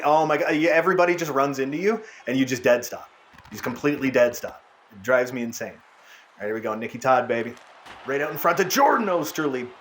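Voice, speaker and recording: A young man giving casual, excited play-by-play commentary over a hockey video game, his voice sounding worn out. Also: mid-range voice, a little hiss or hum. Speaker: gaming YouTuber. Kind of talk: gameplay commentary.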